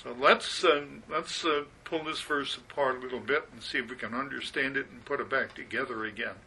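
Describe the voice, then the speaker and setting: A man's voice: fairly high pitch, bright, forceful tone, husky, low-quality recording. A man teaching a Bible passage verse by verse, methodically explaining the Greek words and stressing the key ones.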